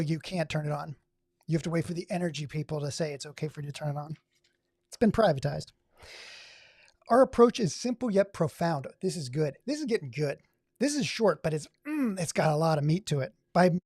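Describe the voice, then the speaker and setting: A man's voice: fairly high pitch, a little mellow, no echo, studio quality. Sarcastic man riffing on a stream. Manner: sarcastic, reads aloud and riffs. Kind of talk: casual livestream commentary.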